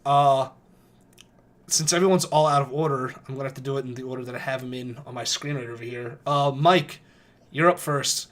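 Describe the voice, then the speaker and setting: A game master hosts a live tabletop stream, talking loosely and off the cuff. The delivery rambles and doubles back, full of quick apologies and the odd swear word. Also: medium pitch. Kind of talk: casual chat on a live stream.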